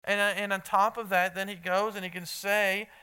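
A man's voice: high voice, flat delivery, normal speed, sharp tone, smooth. A male pastor preaching a sermon, earnestly repeating key points and talking directly to the people in front of him. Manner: earnest preaching with emphatic repetition; talks directly to listeners in the room.

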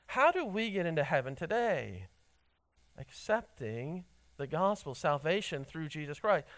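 A man with a fairly high voice preaches to his congregation. He teaches in an earnest, steady way and leans hard on key words, sometimes repeating them for emphasis. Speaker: pastor. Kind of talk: sermon.

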